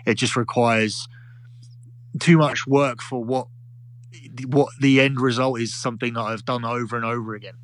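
A man's voice: medium pitch, fairly even intonation, moderate pace. A man who works as a club DJ, chatting on a podcast in a rambling way and often restarting his sentences. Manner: rambling, with frequent restarts and self-corrections. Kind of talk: casual chat.

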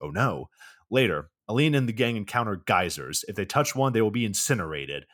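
A man co-hosting a podcast, recapping a movie in a deadpan, sarcastic way and swearing often. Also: on the low side, fairly quick, no echo, clean studio sound. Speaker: podcast co-host.

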